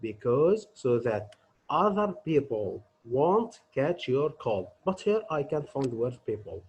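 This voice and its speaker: Slow husky male English teacher. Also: medium pitch, very animated, a little mellow, dull audio. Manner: slow, deliberate, asks students questions and answers them himself. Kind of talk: grammar lesson to students.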